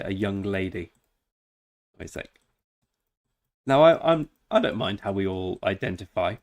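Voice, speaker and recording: Chatty man streaming a game. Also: fairly low pitch. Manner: chatty, joking, talks to chat. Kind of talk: casual live-stream chat.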